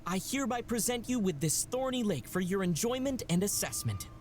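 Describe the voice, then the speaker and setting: Game voice: a woman playing a polite young adventurer, formal and ceremonious, lively pitch. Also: fairly quick, slight background noise, lightly acted. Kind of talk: game voice acting.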